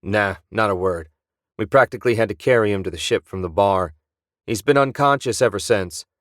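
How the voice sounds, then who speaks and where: A man's voice: lowish voice, brisk, fairly bright tone, dry recording, natural voice. A man voicing a weary space pilot who talks in a dry, matter-of-fact way.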